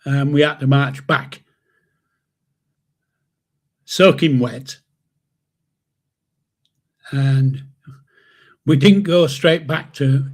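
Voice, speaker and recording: An older man hosting a live stream, telling a story in a rambling, chuckling way with mild swearing. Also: medium pitch. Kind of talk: casual storytelling.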